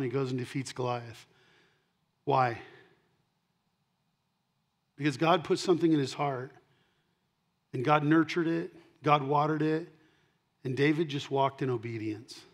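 A middle-aged male pastor preaching a sermon, swinging between loud emphatic punches and quiet asides, and repeating key lines for emphasis. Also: fairly high pitch, moderate pace, pauses often.

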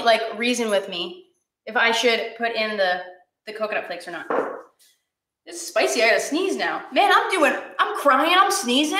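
A woman's voice: fairly high pitch, fairly bright tone, roomy sound. A young woman hosting a live-streamed cooking class, chatty and encouraging with her viewers, teary and sniffly from cutting onions.

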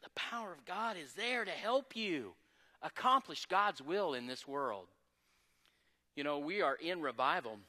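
A man pastor preaching a sermon with lively energy, moving between loud exclamations and quieter, conversational asides. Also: fairly high pitch, big-room sound. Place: church sanctuary.

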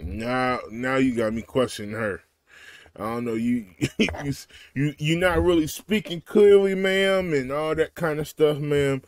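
A man hosting a reaction video, teasing the people on screen with loud, slangy banter. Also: on the high side, measured pace, dry recording, clean studio sound. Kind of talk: casual reaction commentary.

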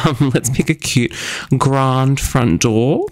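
A man's voice: medium pitch, steady tone, normal speed, vocal fry, a little mellow. A young man chatting casually in a bubbly, chatty, self-mocking way while he narrates his gameplay. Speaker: gaming channel host.

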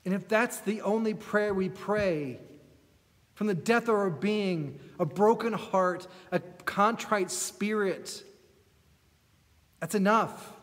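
Male pastor, high voice, impassioned repetitive sermon cadence, long church reverb. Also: slow.

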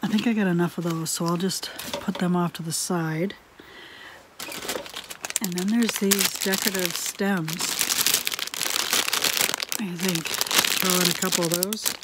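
A woman homestead vlogger chatting casually while doing crafts at home. She laughs often and drifts into quiet asides as she works. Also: fairly low pitch, fairly even intonation, a little slow, pauses often, very noisy.

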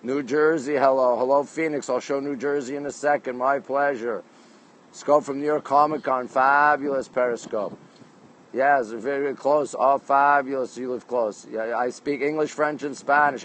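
A chatty man hosting a livestream outdoors on a rooftop at night, speaking into a phone held at arm's length. He greets one viewer after another by the name of their town or country and answers their comments in a friendly, upbeat way. His voice sits at an ordinary middle pitch for a man. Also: fairly even intonation, moderate pace, fairly bright tone, poor audio. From Canada. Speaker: livestream host.

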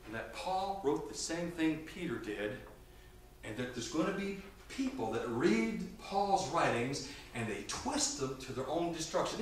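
A man preaching a sermon in a church, emphatic, swinging between loud and quiet. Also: on the high side, a little hiss or hum. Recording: echoey church hall from a distance.

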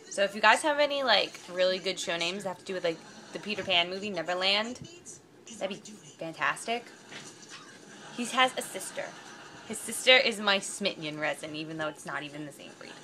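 A woman unboxing a model horse in a vlog, gushing and squealing with excitement. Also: mid-range voice. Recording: noisy home camera audio.

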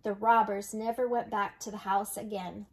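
An older woman reading a storybook aloud to children, gentle and unhurried, slowing on dramatic phrases. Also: medium pitch, little pitch movement, slightly rough. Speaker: storybook reader.

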